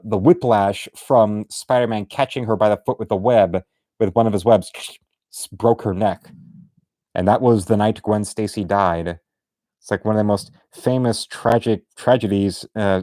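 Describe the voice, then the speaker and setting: A man's voice: fairly low pitch, mellow, no echo, clean studio sound. A man giving rambling, casual commentary while drawing, with many restarts and muttered asides. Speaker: artist streaming a drawing session.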